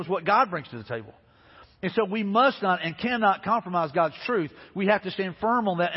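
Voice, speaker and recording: A man's voice: sits high, breathy edge. A man from Alabama preaching a sermon as pastor, earnest and conversational, repeating his points, recorded dull in a church sanctuary with a long hall echo.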